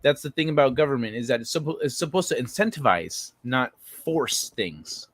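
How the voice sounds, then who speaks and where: A man's voice: medium pitch, animated, moderate pace, no room sound. Blunt, profane man on a close, dry mic. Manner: blunt, profane, riffs off chat comments. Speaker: livestream host reading chat. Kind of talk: casual livestream chat.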